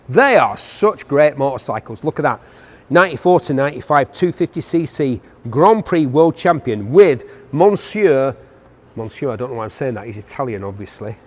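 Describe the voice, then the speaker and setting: Animated man presenting motorcycles. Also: on the high side. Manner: enthusiastic, jokey asides to the cameraman. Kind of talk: walkaround auction preview.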